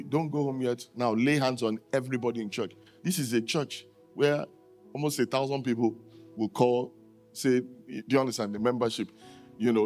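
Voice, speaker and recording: Middle-aged male pastor from Nigeria, sermon storyteller, mid voice, soft music underneath. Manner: animated, acts out dialogue with sharp rises in pitch.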